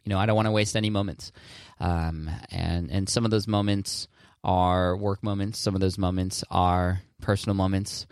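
A man's voice: low voice, flat delivery, normal speed, darkish tone, clean tone, dry recording, studio quality. A man in his thirties hosting a podcast, talking earnestly in a casual, rambling way with frequent restarts and fillers. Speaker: podcast host answering listener questions. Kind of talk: casual solo podcast talk.

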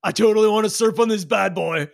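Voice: mid-range voice, fast, creaky, no room sound, clean studio sound, lightly acted. A game master voicing an eager, grinning surfer guy who talks casually.

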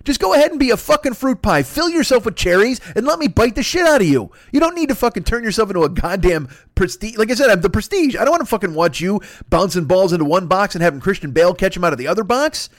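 Profane ranting man, high and lively. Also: quick pace, hardly any pauses, no echo, studio quality. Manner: profane, exasperated ranting with mock voices. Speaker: comedian. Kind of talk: improvised comedic rant.

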